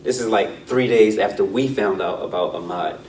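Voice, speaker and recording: A man co-hosting a casual discussion, talking in an animated, slangy way. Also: fairly low pitch, normal speed. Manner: animated, slangy, says "yo" and "bro". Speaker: podcast co-host. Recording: roomy, distant mic with faint noise.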